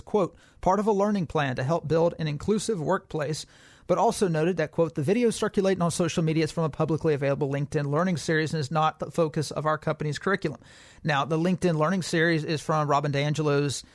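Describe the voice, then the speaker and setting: A man's voice: fairly high pitch, no echo. Man co-hosting a podcast, dry sound. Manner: reads news quotes aloud, with fillers and restarts. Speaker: podcast co-host. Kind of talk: casual political podcast chat.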